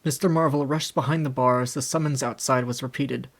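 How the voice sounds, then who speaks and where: A man in his twenties reading a classic novel aloud in steady, measured narration. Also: mid-range voice. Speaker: audiobook narrator. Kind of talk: scripted narration.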